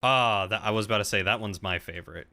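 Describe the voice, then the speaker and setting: A man with a bright, crisp voice chats casually on a stream with a friend. His pitch sits a bit low, and he keeps the talk friendly and joking. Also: fast talker. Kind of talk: casual chat.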